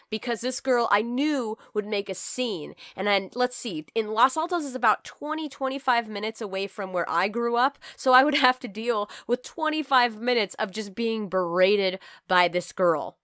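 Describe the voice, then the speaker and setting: A young woman from California telling a storytime vlog in an animated, profane, emphatic way. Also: a little high, normal speed, hardly any pauses, no echo, clean studio sound. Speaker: vlogger.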